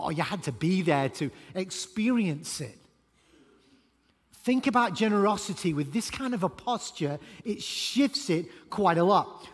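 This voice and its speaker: High-voiced pastor preaching in a reverberant church. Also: male voice. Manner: animated, emphatic preaching with sudden loud bursts. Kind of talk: sermon. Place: church auditorium.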